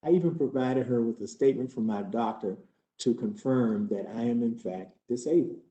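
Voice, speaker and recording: In a roomy hall, a man with a dark-toned, medium-pitched voice at normal speed role-plays a trainer telling a case study from his own perspective. His delivery is earnest and conversational, steadily building tension.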